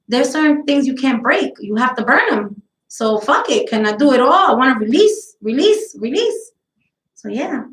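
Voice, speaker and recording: A woman's voice: fairly high pitch, a bit bright, echoey room, poor audio. A woman, chatting casually on her own live show, blunt, profane, rambling from story to story. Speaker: host of a live talk stream. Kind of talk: casual chat.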